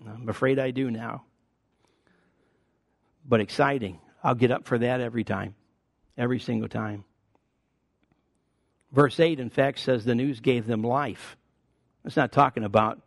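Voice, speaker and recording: A man in his sixties preaching a sermon as a pastor, conversational with personal asides, leaping up in pitch and volume to stress key words. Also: vocal fry, no room sound, studio quality.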